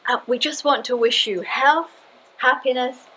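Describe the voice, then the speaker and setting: An amateur actress playing the bride's nervous, chatty aunt. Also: female voice, high-pitched, fairly even intonation, a little slow, bright, forceful tone, a little hiss or hum, rough recording. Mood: flustered. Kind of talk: amateur stage acting.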